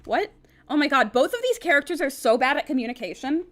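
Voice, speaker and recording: Giggly, excitable high-voiced woman streamer. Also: fast talker. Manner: excitable, giggly, rambling with many restarts. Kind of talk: casual game let's-play. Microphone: desk microphone.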